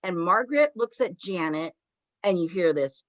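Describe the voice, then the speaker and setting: Low-voiced woman retelling a ghost story. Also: moderate pace, no echo. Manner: animated retelling, lots of "like". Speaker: podcast co-host. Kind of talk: casual storytelling chat.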